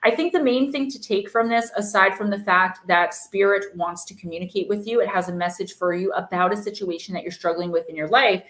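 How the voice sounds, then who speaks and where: A woman's voice: medium pitch, a bit bright, roomy sound. A woman hosting a live stream, chatting casually and reading oracle cards with lots of fillers. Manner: chatty, filler-heavy, reassuring. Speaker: oracle card reader and live-stream host.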